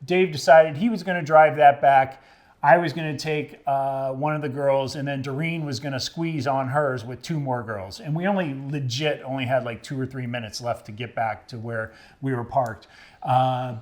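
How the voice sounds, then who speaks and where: A man co-hosting a podcast, telling his side of a trip mishap in a rambling, laid-back way. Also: medium pitch. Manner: relaxed, rambling, with self-corrections. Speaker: podcast co-host. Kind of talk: casual storytelling chat.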